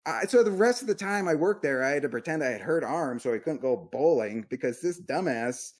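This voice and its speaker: A man's voice: a little high, expressive, fairly quick, husky. A man in his thirties, a comedian and podcast co-host, telling a rambling, self-mocking story in casual chat.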